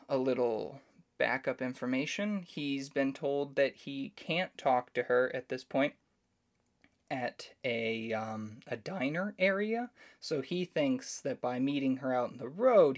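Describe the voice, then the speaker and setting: Male solo podcast host, casual and opinionated, talks things through at length. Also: medium pitch. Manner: chatty, opinionated, explains at length.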